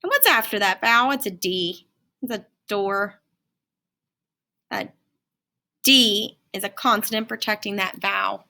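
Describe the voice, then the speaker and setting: A woman teacher giving a playful, animated phonics lesson to young children. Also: medium pitch, a little slow, creaky, long pauses.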